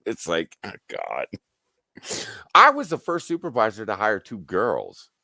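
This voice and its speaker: A man's voice: on the low side, measured pace, creaky, dry recording, clean studio sound. A middle-aged man casually telling work stories on a livestream, swearing freely and acting out what people said. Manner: profane, animated storyteller acting out quotes. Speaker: livestream host. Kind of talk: casual storytelling chat.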